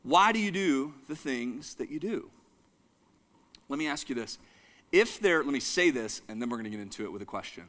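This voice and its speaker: A man preaching a sermon, animated, joking and calling the congregation to say lines back. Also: a little high, a little fast. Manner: jokes and laughs with the audience. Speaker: pastor.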